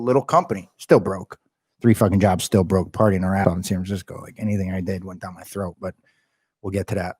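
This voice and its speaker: A man's voice: on the low side, slightly rough, no room sound, clean studio sound. A man, a podcast guest, telling a long personal story in casual talk, swearing a lot and acting out what people said. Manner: animated, swearing, acts out quoted dialogue.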